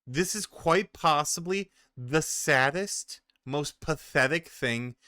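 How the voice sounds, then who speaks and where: A man's voice: on the high side, slow pace, bright, forceful tone, smooth, dry recording, clean studio sound. Exasperated ranting man in his forties. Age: 40s. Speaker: commentary streamer. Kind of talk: reaction commentary.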